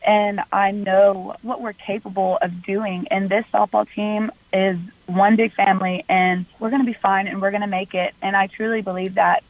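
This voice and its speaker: A young woman from Mississippi, a college softball pitcher talking earnestly and chattily as a guest in a radio interview, full of "like" fillers. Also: dry recording, phone-quality sound. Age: young adult.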